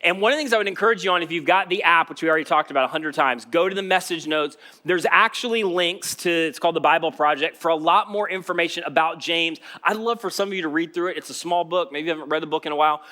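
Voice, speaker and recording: A man's voice: fairly high pitch, quick pace, hardly any pauses, pushed and bright. A man preaching a sermon as pastor, telling a story in a casual, joking way. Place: church stage.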